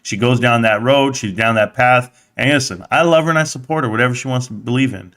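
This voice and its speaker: Man, middle-aged, from the United States, live-stream host, casual rant, rambling, restarts a lot, middle pitch. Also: fairly quick, a bit bright. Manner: rambling, talks straight to chat, frequent restarts.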